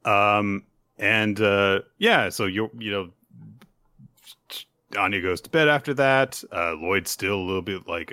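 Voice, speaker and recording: A man co-hosting a podcast, recapping manga in casual chat and jumping into quick put-on voices for the characters. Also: lowish voice, bright, forceful tone, no room sound, studio quality. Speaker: podcast co-host.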